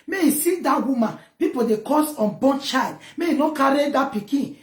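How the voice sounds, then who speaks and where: Scolding Nigerian woman, high and echoey. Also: expressive, normal speed, hardly any pauses. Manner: loud, scolding, mixes Pidgin and local words. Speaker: vlogger. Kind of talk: ranting commentary to camera.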